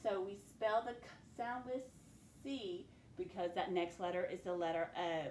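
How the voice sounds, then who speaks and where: A woman teacher leading a recorded phonics lesson, clearly sounding out words and letters for her students. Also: lowish voice, moderate pace, darkish tone, roomy sound, a little hiss or hum. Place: classroom with a board.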